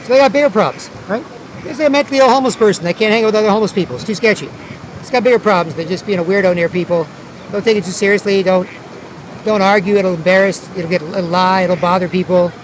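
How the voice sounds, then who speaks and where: A man with a high voice rambles on in a repetitive monologue, tagging his points with "right?". He is recording outdoors in a city plaza. The sound is slightly dull, with faint traffic noise behind him. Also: fast.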